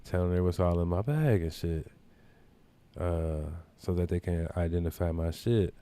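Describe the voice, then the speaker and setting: Deep-voiced man telling a profane story. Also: normal speed, dark tone, smooth. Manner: profane, rambling anecdote with frequent asides. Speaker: podcast host. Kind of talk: casual storytelling.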